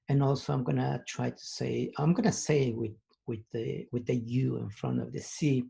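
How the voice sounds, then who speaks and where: A man's voice: mid-range voice, creaky, dark tone, slightly rough. A man teaching a recorded language lesson, patiently explaining sounds and repeating each example word twice. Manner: patient, explains slowly with many pauses and fillers.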